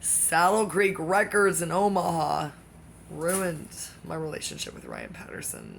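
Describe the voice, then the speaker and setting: A speaker delivering a rambling comic monologue that jumps between topics, with excitable outbursts and sudden drops into whispers. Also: mid-range voice, unhurried, vocal fry, slight background noise.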